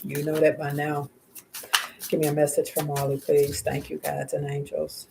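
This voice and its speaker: A woman's voice: sits low, completely flat delivery, moderate pace, creaky, background noise. A woman reads tarot on a live stream. She talks in a casual, slangy way, speaking heartfelt words to the viewer and to the spirit guides. Laughter often breaks into her speech. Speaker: tarot reader.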